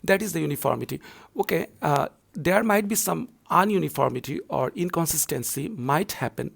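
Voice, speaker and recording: A man's voice: on the high side, expressive, moderate pace, creaky. A male university lecturer explaining poetry scansion to students in a repetitive, explanatory way, with frequent filler words.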